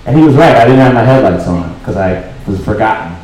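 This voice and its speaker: A man's voice: lowish voice, lively intonation, fast talker, a little hiss or hum. Male stand-up, profane and emphatic, wide swooping delivery, live echoey club sound. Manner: profane, emphatic, bursts into shouting. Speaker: stand-up comedian. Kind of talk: stand-up comedy set.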